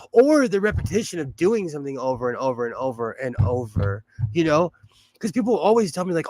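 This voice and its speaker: A man's voice: on the high side, sing-song, a little fast, darkish tone. A man hosting a casual sewing livestream, chatting, laughing often and reading viewer comments aloud. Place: home sewing room.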